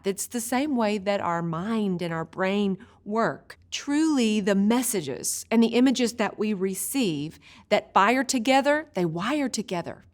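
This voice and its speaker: A woman teaching a video Bible study, an expressive storyteller who slows down for vivid images. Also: mid-range voice.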